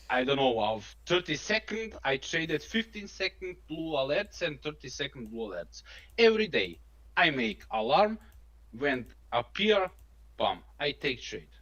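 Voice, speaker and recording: A man talks slowly in halting, broken English, pausing often between phrases. His voice has a bright, tense edge. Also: medium pitch, highs cut off. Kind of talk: casual live stream chat.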